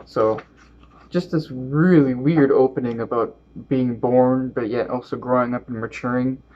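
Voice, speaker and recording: Halting Canadian man talking books, lo-fi. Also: mid-range voice, fairly even intonation. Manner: thoughtful, halting, trips over words and restarts. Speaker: book vlogger. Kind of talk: reading aloud and casual book talk.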